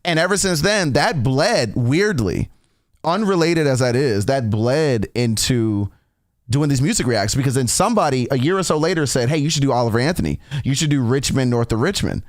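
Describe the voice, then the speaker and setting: A man's voice: medium pitch, expressive, moderate pace, no echo, studio quality. A young man hosting a reaction video, telling a personal story in a candid, casual way, swearing often and restarting sentences.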